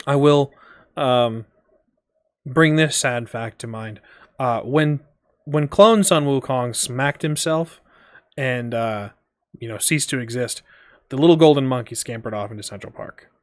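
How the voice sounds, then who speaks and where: A man narrating as game master, relaxed and full of ums and restarts. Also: mid-range voice, slow pace, pauses often, dry recording. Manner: loose, filler-heavy narration with frequent ums.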